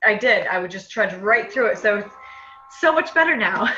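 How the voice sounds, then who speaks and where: A woman's voice: mid-range voice, lively intonation, measured pace, bright, forceful tone, echoey room, a little hiss or hum. Chatty woman on a dull, lo-fi mic. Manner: chatty, laughing, lots of fillers. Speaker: team member. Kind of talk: casual testimony.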